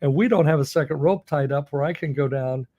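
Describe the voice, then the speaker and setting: A man's voice: a little high, a little fast, warm tone, no room sound, highs cut off. A man co-hosting a podcast, telling a story in a casual chat and chuckling often. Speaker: podcast co-host.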